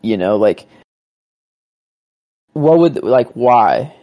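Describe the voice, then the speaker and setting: Animated man gushing over a show. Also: medium pitch, drawn-out words, no room sound. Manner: enthusiastic, rambling with restarts. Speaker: co-host. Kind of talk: casual chat.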